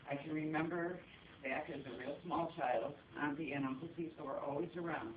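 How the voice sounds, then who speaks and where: A deep-voiced woman reads a funeral eulogy from notes, telling family memories steadily and breaking into laughs. It was captured on a phone in the audience of a funeral service room, so the audio is distant, dull and echoey, with a little hiss or hum.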